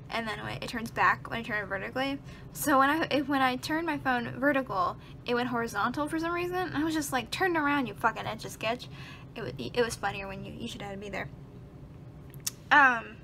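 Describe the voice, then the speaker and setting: A woman's voice: fairly high pitch, pushed and bright, a little hiss or hum. A young woman, a college student, rambling through an exasperated casual vlog at home and swearing freely. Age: young adult. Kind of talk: casual chat.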